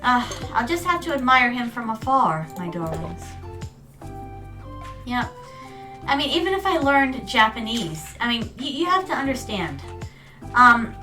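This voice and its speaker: A woman's voice: fairly high pitch, sharp tone, distant mic. A woman VTuber chatting casually while gaming, telling stories and calling her viewers "my darlings". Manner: storytelling, calls viewers "my darlings". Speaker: VTuber streamer.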